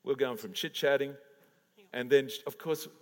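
Laughing pastor in a reverberant church. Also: male voice, medium pitch, normal speed. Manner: chatty and laughing, then prayerful. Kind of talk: sermon. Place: church auditorium.

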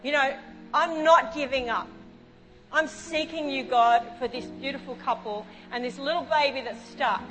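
A woman with a high, bright-pitched voice preaches a sermon, moving between storytelling and exclamation. Her words ring out with the long reverb of a large hall, and quiet music plays underneath. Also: moderate pace. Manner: animated, acts out quotes, exclaims. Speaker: pastor.

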